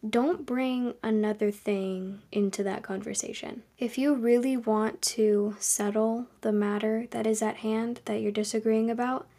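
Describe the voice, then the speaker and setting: Young woman with a mellow voice. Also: on the high side, measured pace, few pauses. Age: young adult. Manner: calm, earnest, conversational. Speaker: podcast host. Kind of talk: advice podcast monologue.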